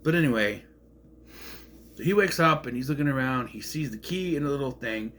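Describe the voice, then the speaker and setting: Animated, sarcastic rambling man. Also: mid-range voice, a little fast. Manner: sarcastic, rambling, sputters with indignation. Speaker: show reviewer. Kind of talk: casual rambling recap.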